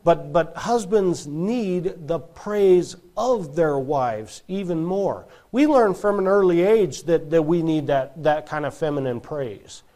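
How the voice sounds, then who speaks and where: A man in his thirties preaching a sermon, telling stories with lively delivery and acting out quoted voices. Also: a little high, takes it slowly, hardly any pauses. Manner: animated storytelling, acts out quoted voices. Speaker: pastor.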